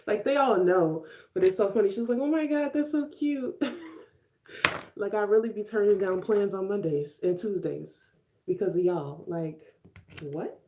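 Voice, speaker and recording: A woman's voice: mid-range voice, unhurried, pauses often, dark tone. Chatty young woman streaming from home. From Chicago. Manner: chatty, laughs often, reads and answers comments. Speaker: vlogger live streaming to viewers. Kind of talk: casual chat while doing makeup.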